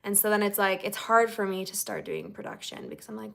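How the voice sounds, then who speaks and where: A woman's voice: mid-range voice, big pitch swings, brisk, vocal fry, fairly bright tone. A woman singer-songwriter chatting casually with her fans on a livestream, bubbly and chatty, with lots of "like" and "okay?".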